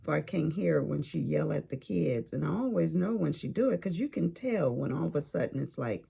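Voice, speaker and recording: An older woman from California chatting slowly over a craft project. Her voice is deep, gravelly and a little husky, and it rises and falls freely as she tells family stories. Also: animated, dark tone. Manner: chatty storyteller, informal grammar. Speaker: crafting vlogger. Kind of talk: casual chat while crafting.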